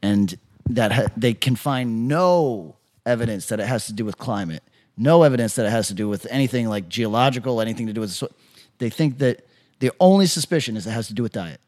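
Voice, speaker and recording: A man's voice: medium pitch, animated, fairly quick, a little mellow. A man co-hosting a podcast, talking in brash, profane, joking banter. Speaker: podcast co-host. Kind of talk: casual crude podcast banter.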